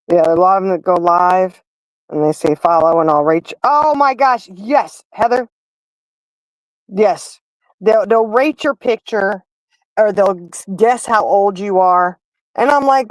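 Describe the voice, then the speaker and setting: A woman's voice: medium pitch, expressive, moderate pace, no echo, poor audio. A middle-aged woman hosting a livestream and chatting casually, telling stories straight to her viewers. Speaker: livestream host. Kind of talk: casual chat.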